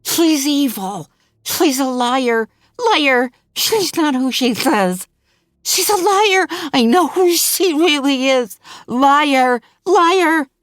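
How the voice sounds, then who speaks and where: A woman voicing an unhinged, furious woman with a raspy voice who shouts repeated accusations. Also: high voice, lively intonation, takes it slowly, no echo, clean studio sound, voice pushed up. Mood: raging. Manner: shouting, repetitive.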